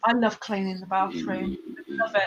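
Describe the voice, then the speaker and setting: A woman's voice: mid-range voice, fairly even intonation, moderate pace, vocal fry, fairly bright tone, highs cut off, slight background noise. A woman hosting a live stream in casual chat, playful and laughing often. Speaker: livestream host.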